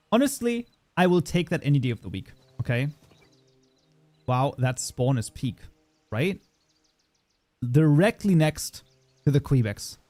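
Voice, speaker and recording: A mid-range, mellow voice with no echo belongs to a German man with a German accent hosting a relaxed modding tutorial livestream. Chatty as he works, he reads out messages from viewers and replies to each.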